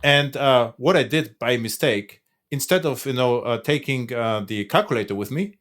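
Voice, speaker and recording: A man's voice: mid-range voice, expressive, moderate pace, fairly bright tone. Chatty male podcast host. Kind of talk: casual conversation.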